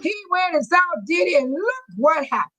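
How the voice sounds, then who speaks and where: High-voiced woman laughing through a live stream. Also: big pitch swings, moderate pace, fairly bright tone, poor audio. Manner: laughs often, talks to viewers. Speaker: live-stream host reading viewer comments. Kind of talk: casual live-stream chat.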